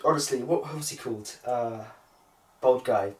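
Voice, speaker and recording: A man's voice: mid-range voice, moderate pace. A man co-hosting a casual film podcast, rambling and swearing often as he retells scenes. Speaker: podcast co-host. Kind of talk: casual chat about films. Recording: roomy, distant mic.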